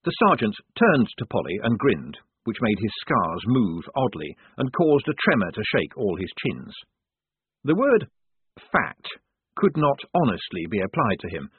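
A man's voice: on the low side, breathy edge, dry recording. A man narrating an audiobook in a dry, wry storytelling manner. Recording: tinny phone-like dry sound.

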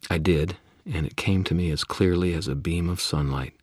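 Deep husky male audiobook narrator. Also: moderate pace, few pauses, a little mellow, dry recording, clean studio sound. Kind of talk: first-person audiobook narration.

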